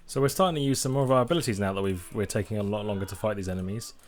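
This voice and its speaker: A male host chatting through his gameplay in a relaxed, musing way, often restarting his sentences. He speaks quickly in a lowish voice. Keyboard and mouse clicks sit behind him. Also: a little hiss or hum. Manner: relaxed, musing, with self-corrections. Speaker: let's play host. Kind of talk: casual gameplay commentary.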